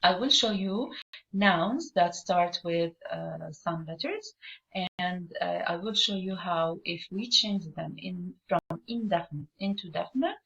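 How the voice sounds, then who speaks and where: A woman's voice: lowish voice, unhurried, gravelly, a bit bright. A woman, an Arabic teacher explaining a lesson step by step and asking her learners questions. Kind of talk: online language lesson. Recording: dull lo-fi recording.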